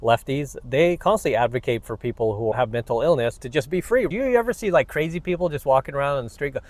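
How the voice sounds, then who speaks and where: A man's voice: mid-range voice, lively intonation, fast talker, darkish tone, no room sound. Blunt, combative man ranting to camera. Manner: blunt, combative and preachy, many "you know what"s. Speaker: vlogger, self-help channel host.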